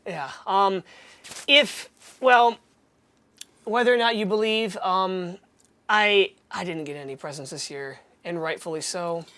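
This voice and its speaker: A woman's voice: medium pitch, measured pace, a bit bright. A woman hosting a casual podcast chat who tells a story with animation and acts out the voices of the people in it. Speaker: podcast host.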